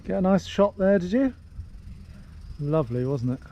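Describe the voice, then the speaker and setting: This middle-aged British man's high, mellow voice has a sing-song quality at normal speed, captured in lo-fi sound with slight background noise. As a travel vlogger, he wanders village streets chatting enthusiastically and admiring the sights.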